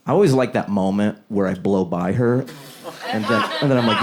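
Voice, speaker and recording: A man performing a stand-up comedy set on a club stage, acting out characters in quick asides. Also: on the low side, crowd noise. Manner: animated, acts out voices in quick asides. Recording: loud audience laughter behind.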